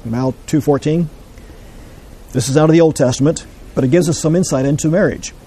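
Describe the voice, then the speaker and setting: Husky, mellow male Bible teacher; measured, explanatory delivery to a class. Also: on the high side, rough recording.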